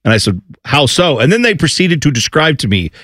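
A man on a talk radio show rambling through a long anecdote. His pitch swings widely as he talks, and the dry studio sound sits close and clean with no room around it. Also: big pitch swings, a little fast, fairly bright tone, dry recording. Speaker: radio co-host. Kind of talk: casual sports-radio banter. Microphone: studio microphone.

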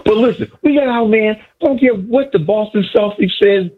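A man's voice: sits high, moderate pace, breathy edge. A man calling into a sports radio show, an exuberant fan who repeats himself and stumbles over his words. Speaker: caller. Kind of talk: excited sports radio call-in. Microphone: phone from a car. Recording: muffled lo-fi phone line.

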